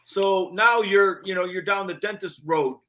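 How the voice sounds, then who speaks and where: A man's voice: sits high, measured pace, pushed and bright. An older man from upstate New York co-hosting a casual sports talk show, chatty and full of asides. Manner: chatty, full of fillers and restarts. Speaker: podcast co-host. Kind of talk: casual chat.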